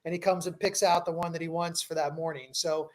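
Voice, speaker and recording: A woman's voice: on the low side, little pitch movement, brisk, a little mellow. A woman co-hosting a podcast, talking casually and fondly about the holidays. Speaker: podcast co-host. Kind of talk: casual live podcast chat.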